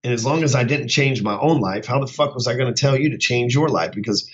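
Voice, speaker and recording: A man's voice: medium pitch, fast. A man in a middle register talks straight at you, blunt and full of swearing, with a swaggering, tell-it-like-it-is manner. The sound is dull and muffled, and he rambles casually in an office. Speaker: host of his own show. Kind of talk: casual unscripted monologue. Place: his office.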